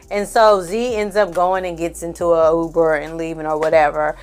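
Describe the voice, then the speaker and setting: A woman's voice: deep voice, flat delivery, moderate pace, hardly any pauses, a little mellow, clear, resonant tone, soft background music. A woman recapping a TV series in a casual, opinionated and slangy way. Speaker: film and TV recap reviewer. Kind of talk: casual review chat.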